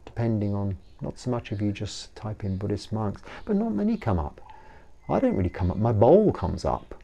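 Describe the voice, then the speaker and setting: English monk in his 50s, low voice, chatty and rambly, lots of ums. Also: creaky, warm tone. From England. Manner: rambling and hesitant, full of ums and restarts. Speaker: Buddhist monk. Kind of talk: casual talk answering a viewer question.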